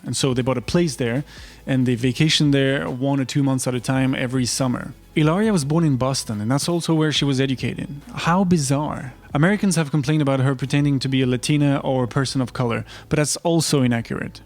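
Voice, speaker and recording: A man giving vlog commentary in a wry, incredulous way, with quick asides. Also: medium pitch. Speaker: online commentator.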